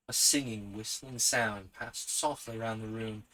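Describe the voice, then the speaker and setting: Man, story reading, soft and measured, podcast host. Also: on the low side, steady tone, rough recording.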